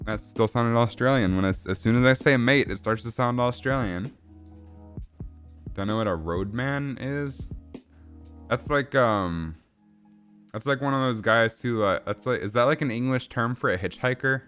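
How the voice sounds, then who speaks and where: A man's voice: mid-range voice, normal speed, fairly bright tone, soft background music. Laid-back man chatting on a game-dev stream. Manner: rambling, swears, laughs, answers chat. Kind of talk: casual livestream chat.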